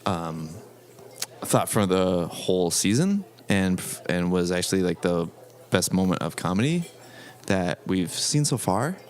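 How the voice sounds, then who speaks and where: A man's voice: deep voice, lively intonation, unhurried. A man co-hosting a podcast, chatting casually and laughing easily, with lots of fillers. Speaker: podcast co-host. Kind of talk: casual chat.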